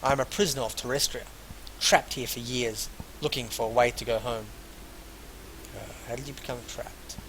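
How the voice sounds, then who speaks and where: A let's player with a steady, mid-range, slightly bright voice speaks at normal speed while playing a role-playing game. He reads the on-screen text in full, then drops casual offhand asides. The low-quality recording has slight background noise.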